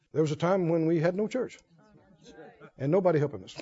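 A man's voice: fairly high pitch, expressive, moderate pace, pauses often, dark tone, breathy edge, dull audio. A man preaching a sermon to a congregation, emphatic and drawing out words for weight, asking the listeners questions. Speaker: pastor. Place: church before a congregation.

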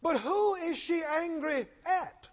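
A man preaching a sermon, telling a story and then pressing his point with slow, emphatic, rising intensity. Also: very high voice. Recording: dull lo-fi sound in a long-reverb hall.

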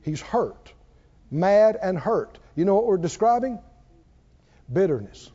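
A man preaching a sermon in a folksy, animated way, asking the congregation questions as he goes. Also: high-pitched, slow, slightly rough. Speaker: pastor. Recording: dull lo-fi recording.

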